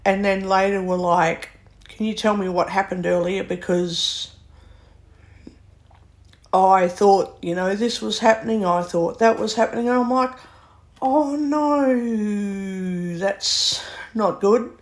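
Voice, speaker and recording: A woman vents in a long vlog rant. She talks slowly and deliberately, leaning hard on her words and acting out other people's lines in her own voice. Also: medium pitch. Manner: slow, emphatic venting with acted-out quotes. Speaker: vlogger. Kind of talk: ranting monologue.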